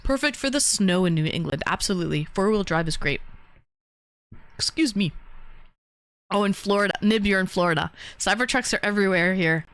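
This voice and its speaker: A woman's voice: mid-range voice, animated, fairly quick, a bit bright, dry recording. A woman hosting a casual livestream, chatting with viewers, laughing often and swearing casually. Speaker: livestream host reading chat.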